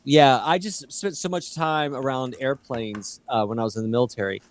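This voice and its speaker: A man in his fifties co-hosting a casual chat, talking in a rambling, halting way. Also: mid-range voice. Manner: rambling, halting, many fillers and restarts. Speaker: co-host.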